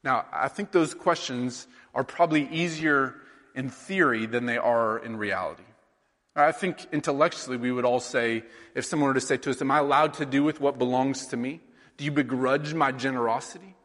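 A man's voice: mid-range voice, normal speed, fairly bright tone, in a large hall. A man in his thirties from rural Iowa, preaching a sermon in a conversational way, with lots of rhetorical questions. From rural Iowa, USA. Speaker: pastor.

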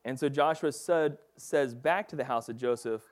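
A man's voice: medium pitch, normal speed, hardly any pauses. A man giving a casual, conversational Bible teaching, reading passages and talking them through with lots of fillers. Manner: casual and chatty, with frequent fillers like "like" and "you know".

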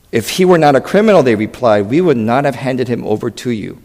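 A man preaching a sermon as a pastor, animated, acting out quoted voices and asking the congregation questions. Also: fairly high pitch, moderate pace. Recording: long hall reverb.

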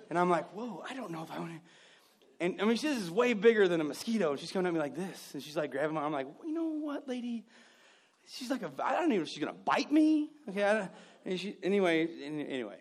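A man preaching a sermon, joking with the congregation and acting out scenes, swinging from loud outbursts to hushed asides. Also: fairly high pitch, quick pace. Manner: animated and joking, acts out scenes. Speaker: pastor.

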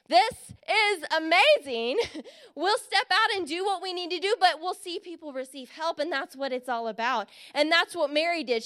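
High-voiced woman preaching a sermon. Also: a bit bright. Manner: earnest and encouraging, stretches key phrases slowly. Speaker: speaker giving a Christmas message.

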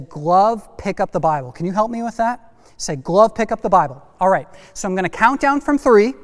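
A man preaching a sermon as pastor, lively and speaking directly to the kids listening. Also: sits high, long reverb tail. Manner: lively, talks to kids in the congregation.

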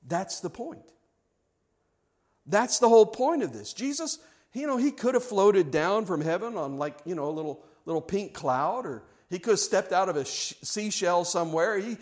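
A middle-aged male pastor preaching a sermon in a church, animated and playful, swinging from hushed lines to loud emphatic ones. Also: high voice.

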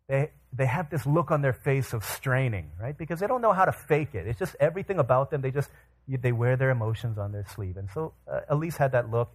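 Animated man preaching a sermon. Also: medium pitch. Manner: animated storytelling with quoted voices. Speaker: pastor.

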